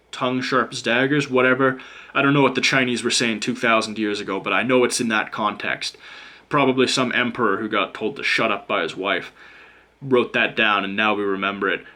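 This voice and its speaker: A man's voice: mid-range voice, pushed and bright. A man giving a casual pick-a-card tarot reading. He speaks straight to the viewer in a blunt, joking way, swears freely and drops in mock-sarcastic asides. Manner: talks straight to the viewer as "you". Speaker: tarot reader.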